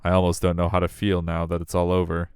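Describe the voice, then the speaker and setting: A man's voice: low-pitched, monotone, quick pace, a little mellow, clean tone, no echo, clean studio sound. A man reading a visual novel aloud, wry and self-deprecating as the narrator. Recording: faint music behind.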